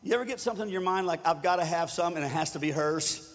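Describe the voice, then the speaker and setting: A pastor with a high-pitched voice preaches quickly in a church, his words trailing a long hall reverb. He speaks comfortably with the congregation and works up to loud calls for them to join in.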